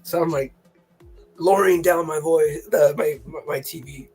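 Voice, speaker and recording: A guest telling a funny family story in a casual chat, animated and often laughing, with a slightly husky voice. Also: medium pitch, normal speed, faint music behind.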